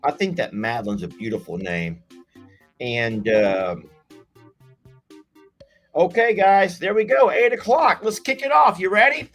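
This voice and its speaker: A man's voice: sits high, expressive, a little slow, pauses often, a bit bright, soft background music. A man hosting a live game night stream, chatting in a folksy way and reading viewer comments aloud. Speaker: livestream game host.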